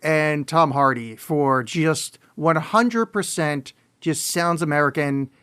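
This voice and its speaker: A man co-hosting a podcast in casual chat, rambling and excitable, with some swearing. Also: on the high side, slow, clear, resonant tone. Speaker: podcast co-host.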